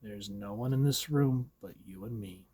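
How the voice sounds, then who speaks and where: A man's voice: lowish voice, moderate pace, dark tone, husky. A man reading as a stern old telepath. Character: stern older male telepath mentor.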